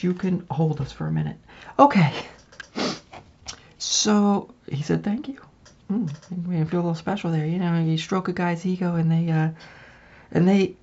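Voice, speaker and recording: A woman's voice: lowish voice, creaky, a little mellow, husky, highs cut off. A woman giving a casual spiritual tarot reading, chatty and often checking in with the listener. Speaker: tarot reader.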